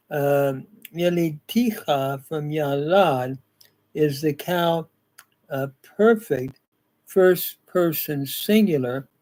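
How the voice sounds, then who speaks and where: An older man teaching a scripture reading and grammar lesson in a slow, halting way with frequent fillers. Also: fairly high pitch, darkish tone. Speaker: Bible teacher.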